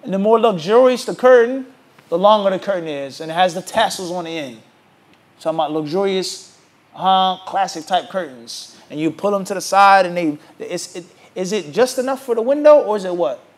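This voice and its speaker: An Islamic teacher leads a religious class in a high-pitched voice at a moderate pace. He is emphatic and animated, repeatedly posing rhetorical questions to his listeners and waiting for their answers.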